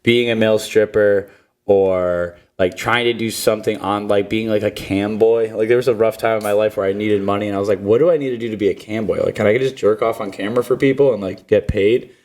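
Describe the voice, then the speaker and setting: Casting: man, low voice, loose rambling comedy-podcast host, filler-heavy delivery. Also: steady tone, fairly quick, a little mellow. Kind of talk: casual comedy podcast chat.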